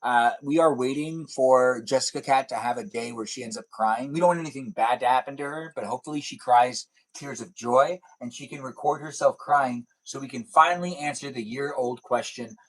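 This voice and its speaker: A man hosting a livestream in casual, playful chat, rambling and sometimes drawing words out slowly. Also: mid-range voice, a bit bright. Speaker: livestream host.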